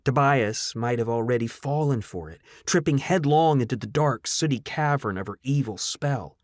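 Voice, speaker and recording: A man narrating an audiobook in a dramatic, expressive storytelling manner. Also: mid-range voice, moderate pace, no echo, studio quality.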